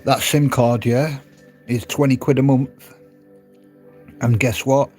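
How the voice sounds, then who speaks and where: A man talks loosely into his phone on a live stream, laughing often and speaking straight to people in the chat. His pitch sits in an ordinary middle range. Soft music plays faintly behind him. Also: steady tone, slow.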